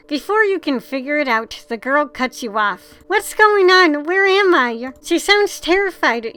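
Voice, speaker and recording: A woman's voice: fairly high pitch, a bit bright. A woman playing a text adventure, reading the narration aloud expressively, with casual swearing. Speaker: gamer.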